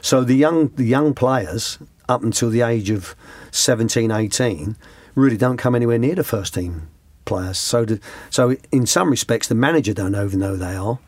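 A man's voice: mid-range voice, normal speed, darkish tone, no echo. A middle-aged man, a former youth coach telling rambling interview anecdotes with many restarts. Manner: rambling, restarts, slips into quoted voices. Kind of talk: conversational anecdotes.

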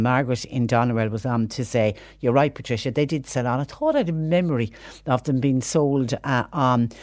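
A woman's voice: rumbling low, warm tone, no room sound. A woman with a Cork accent hosting a radio phone-in, chatty and emphatic. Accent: Irish, Cork. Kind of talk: talk radio chat.

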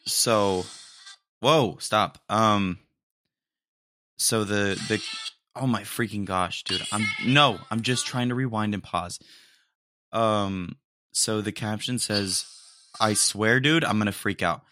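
A man's voice: fairly low pitch, slow pace, pauses often, bright, forceful tone. A man hosting a podcast in casual, rambling chat, trailing off and restarting with slang. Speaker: podcast host.

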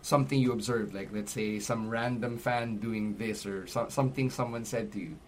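A man's voice: mid-range voice, steady tone, normal speed, slight background noise. A man with a Filipino accent hosting a podcast, asking questions in casual chat and mixing English and Filipino. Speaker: podcast host.

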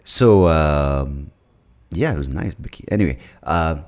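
Very deep-voiced man, rambling. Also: animated, measured pace, a little mellow. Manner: rambling, profane, self-mocking. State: hungover. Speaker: podcast host. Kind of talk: casual solo monologue.

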